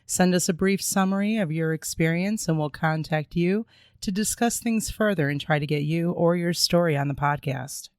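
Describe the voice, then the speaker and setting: A woman co-hosting a podcast, with a raspy voice made hoarse by a sinus infection, reading show details slowly and plainly. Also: fairly low pitch, no echo, clean studio sound. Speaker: podcast co-host. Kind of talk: casual podcast chat.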